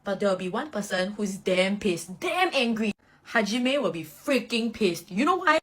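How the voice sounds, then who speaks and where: A woman's voice: mid-range voice, expressive, a little slow. A young woman chatting casually and dramatically about anime characters, with gossipy asides. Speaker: anime fan commentator. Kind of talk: casual fan commentary.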